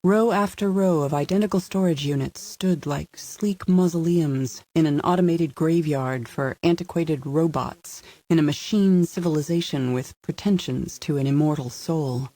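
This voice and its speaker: A man reading a thriller audiobook aloud in an even, measured scripted narration. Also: on the high side, no echo.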